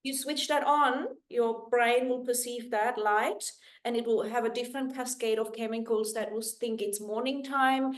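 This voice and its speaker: A woman guest on an interview, earnestly explaining sleep habits, her phrases often trailing off softly. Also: on the high side, steady tone, normal speed, hardly any pauses.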